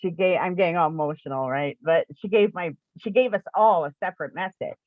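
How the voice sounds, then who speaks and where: A woman's voice: lowish voice, a little fast, no room sound. A woman from eastern Canada telling a personal story in a chatty way, with many "like" fillers and frequent laughs. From Canada, New Brunswick area. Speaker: spiritual shop owner and teacher. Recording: dry, phone-like narrow sound.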